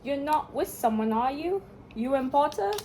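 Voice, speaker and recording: A woman's voice: sits high, normal speed. A woman reading the lines of a cocky, teasing young male wizard, with a giggly, half-hearted British put-on. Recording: steady background noise.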